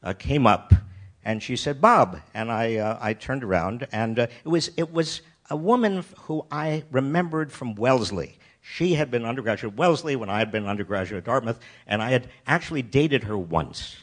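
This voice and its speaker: An older American man telling a personal story in a wry, self-deprecating way, often halting and restarting his sentences. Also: mid-range voice, expressive. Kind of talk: personal anecdote talk.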